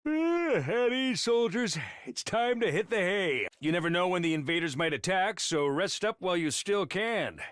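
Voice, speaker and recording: A streamer voicing a military commander who sends soldiers to bed with brisk orders. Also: medium pitch, very animated, fairly bright tone, clean tone, no echo, clean studio sound. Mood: commanding.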